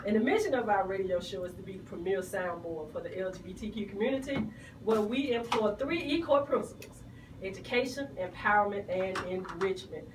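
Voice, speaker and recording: A woman's voice: medium pitch, animated, brisk, roomy sound, recorded from a distance, noisy background. A woman hosting a radio talk show while sick and a bit subdued.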